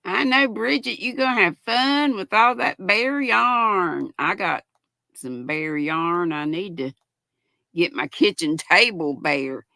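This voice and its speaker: A woman's voice: mid-range voice, animated, slow, vocal fry, sharp tone, dry recording. An older woman, hosting a casual live-stream chat and reading viewer comments aloud in a chatty, affectionate way. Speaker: host.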